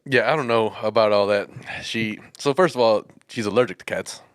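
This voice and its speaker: A man's voice: on the low side, moderate pace, smooth, no room sound, studio quality. A man co-hosting a casual podcast, guessing loosely at slang and rambling with plenty of fillers and laughs. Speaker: podcast co-host. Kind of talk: casual chat.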